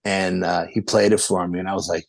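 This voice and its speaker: A man, a podcast guest telling a rambling, animated story full of quoted dialogue. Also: deep voice, a little fast, creaky, no echo. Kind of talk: casual storytelling.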